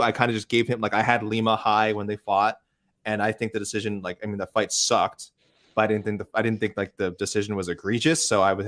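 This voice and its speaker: Guy on a panel rattling on fast, lowish voice, keeps restarting himself. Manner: rapid, rambling, lots of restarts. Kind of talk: casual panel chat.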